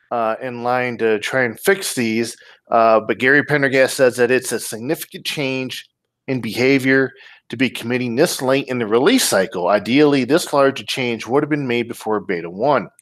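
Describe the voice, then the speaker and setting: Relaxed man hosting a chatty podcast. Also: medium pitch, moderate pace, no echo. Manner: relaxed, many ums and restarts. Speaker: podcast host. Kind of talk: casual podcast chat, reading listener comments.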